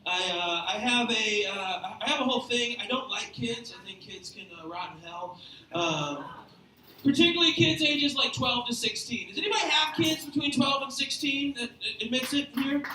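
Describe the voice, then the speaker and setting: A man in his thirties hosting a live comedy show in a bar, loud, crude and laughing often. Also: very high-pitched, animated, moderate pace, slight background noise. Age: 30s. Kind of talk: stand-up comedy. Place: bar or beer hall stage before a live audience. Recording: echoey room, taped from a distance.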